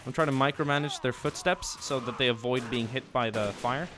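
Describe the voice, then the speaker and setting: A young man giving live commentary on a strategy war game, yelling and swearing at his troops one moment and muttering quietly the next. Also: mid-range voice, brisk, music in the background. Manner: excitable, swears and yells at his units, drops to quiet mutters. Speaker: gameplay commentator.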